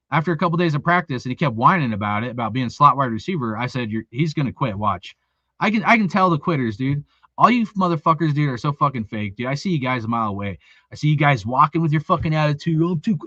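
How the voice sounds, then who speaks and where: A man's voice: on the high side, expressive, fast talker, bright, forceful tone, dry recording, highs cut off. A middle-aged man ranting in a heated, profane monologue about youth football, peppering it with "dude" and "bro.". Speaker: youth football volunteer coach, show host.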